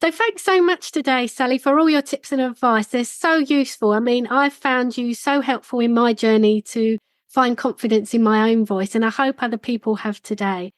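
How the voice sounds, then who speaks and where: A woman's voice: fairly high pitch, normal speed, dry recording. A woman hosting a podcast, chatting in a friendly, agreeing way. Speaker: podcast host. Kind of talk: casual podcast chat.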